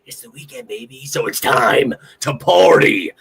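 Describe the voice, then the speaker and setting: A young man from central Pennsylvania hosting a casual live stream, talking in an excitable, rambling way and swearing freely. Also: mid-range voice, a little slow, gravelly, slightly rough. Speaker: podcast host.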